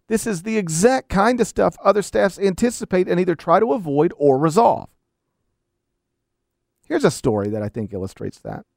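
Gravelly man arguing a sports point. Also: high-pitched, no room sound, studio quality. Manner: emphatic, argumentative, repeats rhetorical questions. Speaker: college basketball commentator. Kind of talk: opinion commentary monologue.

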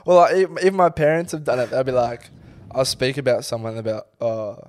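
Young Australian male co-host, mid-pitched, easygoing and sweary. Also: expressive, quick pace. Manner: laid-back, swears, laughs easily. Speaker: podcast co-host. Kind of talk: casual chat. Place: studio under lights.

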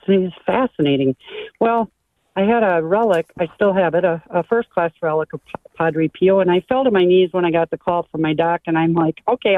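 A woman in her sixties calling in to a radio show, telling her story in an emotional, rambling, halting way over the phone. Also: fairly low pitch, dry recording. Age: 60s. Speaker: caller. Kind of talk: call-in testimony. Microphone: telephone. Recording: tinny phone line.

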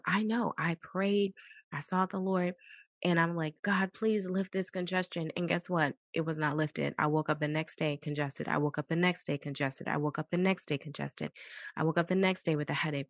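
A woman's voice: sits low, dry recording. A woman hosting a podcast, giving earnest, preacher-like faith encouragement with lots of repetition. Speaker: podcast host. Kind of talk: faith-based encouragement talk.

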